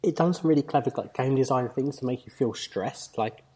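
Husky-voiced joking man. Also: mid-range voice, brisk, darkish tone. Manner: jokey, laughs at own slips. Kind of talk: casual gaming chat.

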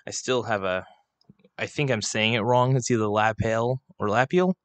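A man's voice: lowish voice, fairly quick, no room sound. Rambling, profane male livestream host. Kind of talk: casual livestream rant. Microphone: desk microphone, not clipped on.

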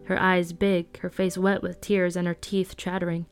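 A woman reading a novel aloud in a calm, even storytelling manner. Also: fairly low pitch, normal speed, smooth, soft background music. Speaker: audiobook reader.

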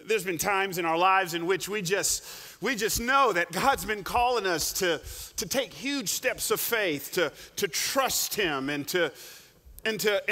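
A man preaching a sermon, telling a story with animated delivery and frequent restarts. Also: sits high. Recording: long hall reverb.

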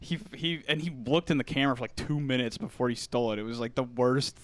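A man's voice: medium pitch, quick pace, slight background noise. A young man telling a story in a casual chat, laughing often, swearing and acting out quotes. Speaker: podcast co-host.

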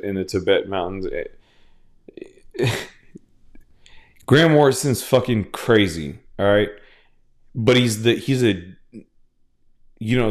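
A man hosting a podcast, talking casually and at length, with many restarts and fillers, swearing freely. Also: on the low side. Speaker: podcast host. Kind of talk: casual solo podcast monologue.

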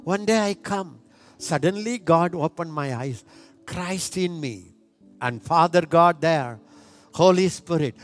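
Preacher man, high voice, slow and fervent, soft music behind. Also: lively intonation. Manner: impassioned, swinging from hushed to loud. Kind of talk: sermon.

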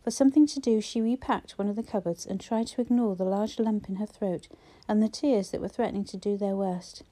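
A woman reads a novel aloud in a steady storytelling voice, moving between the characters. Her tone is warm and mellow, never bright. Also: mid-range voice, fairly quick. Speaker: audiobook narrator. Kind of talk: scripted narration.

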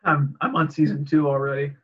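A man's voice: on the high side, level tone, brisk, fairly bright tone, breathy edge, muffled recording. A man in casual chat, rambling and laughing often as he acts out quoted exchanges.

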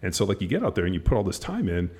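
A man telling stories in a casual chat, animated and swearing freely, acting out what people said. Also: low voice, racing, slightly rough. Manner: animated storytelling, swears a lot, acts out quotes.

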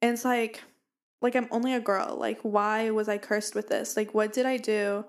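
A young woman co-hosts a podcast, chatting in a bubbly, meandering way and often calling out to listeners as "you guys." Her voice is a little high with a level tone and a moderate pace, picked up by a studio mic with a pop filter.

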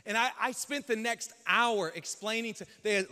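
Guy pastor telling a wild story from the pulpit, high bright voice, big hall echo. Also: quick pace, hardly any pauses. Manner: animated, acts out dialogue with shouts. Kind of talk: storytelling sermon. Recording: long hall reverb.

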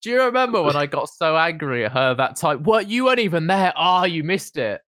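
Jokey young man, slightly high. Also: sing-song, fairly quick, a bit bright, no echo, clean studio sound. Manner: laughing, jokey, acts out quotes. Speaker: podcast co-host. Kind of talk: casual chat.

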